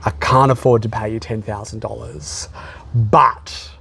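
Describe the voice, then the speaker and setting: A man hosting an improvised comedy sketch, talking fast and pleading to smooth things over. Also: on the low side, steady tone, bright, forceful tone. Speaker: show host.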